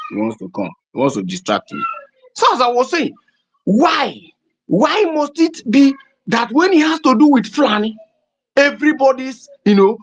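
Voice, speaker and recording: A woman from southeastern Nigeria with a Nigerian accent, hosting fiery, emphatic political commentary that rises to shouting. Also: medium pitch. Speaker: host. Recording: dull lo-fi audio.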